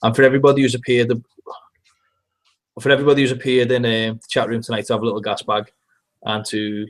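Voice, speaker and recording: A man's voice: medium pitch, little pitch movement, fast. A man with a Scouse accent, co-hosting a casual online show and signing off with friendly chatter. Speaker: podcast co-host. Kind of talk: casual chat, sign-off. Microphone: video call.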